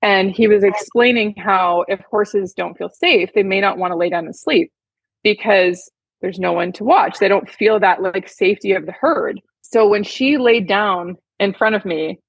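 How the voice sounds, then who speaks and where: A woman's voice: medium pitch, normal speed, vocal fry, breathy edge, no echo, low-quality recording. A woman, a horse trainer and podcast guest, telling a heartfelt story in a chatty way full of "like" fillers. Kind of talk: casual storytelling interview.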